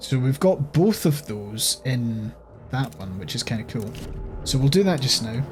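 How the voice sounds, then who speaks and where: A man's voice: medium pitch, lively intonation, measured pace, a little mellow, a little hiss or hum. A man with a Scottish accent giving casual let's-play commentary, thinking aloud and swearing offhandedly as he plays. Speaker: gaming channel host.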